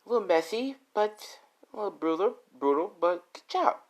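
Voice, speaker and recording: A cold, cruel mother figure from an improvised story, her voice pitched up and purring out praise, as a man narrating puts her on. She sounds calm and approving of violence. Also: normal speed.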